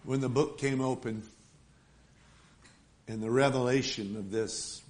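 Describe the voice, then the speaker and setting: A man's voice: mid-range voice, fairly even intonation, measured pace, a little mellow. Guy preaching a sermon in church, emphatic, keeps asking for amens.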